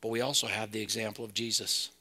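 A man's voice: on the low side, level tone, fast, pushed and bright. A man preaching a sermon as pastor, earnest and building to emphatic peaks.

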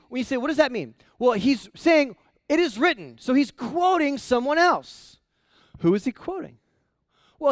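A male pastor preaching a sermon in a conversational, animated way, often restarting his sentences. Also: very high-pitched, no room sound.

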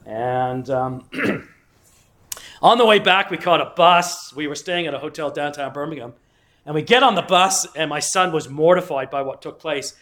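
A man's voice: on the high side, normal speed, fairly bright tone. A middle-aged man from England giving a casual history lecture with rambling anecdotes, chuckling asides and acted-out quotes.

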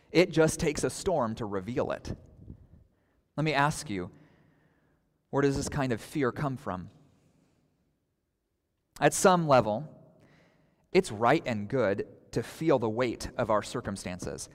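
A man preaching a sermon to his congregation, earnest, with dramatic pauses and acted-out outbursts. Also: mid-range voice, animated, in a large hall. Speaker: pastor.

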